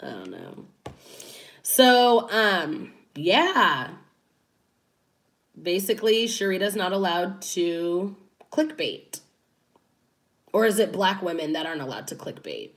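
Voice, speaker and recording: An animated woman riffing in a laid-back commentary vlog, laughing often. She takes her time with every thought, and her voice swoops up and down as she talks. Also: on the low side, takes it slowly, pauses often. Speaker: commentary YouTuber. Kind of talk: casual commentary.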